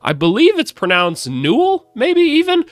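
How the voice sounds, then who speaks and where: A man's voice: very high voice, wildly swooping pitch, moderate pace, no room sound. A young man, a former college coach, chatting casually and upbeat through a basketball scouting breakdown, a little self-deprecating.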